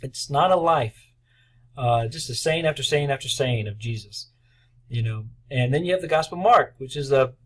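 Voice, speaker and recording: Husky man lecturing a class. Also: medium pitch, moderate pace. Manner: conversational, acts out quoted voices, many fillers. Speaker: seminary lecturer.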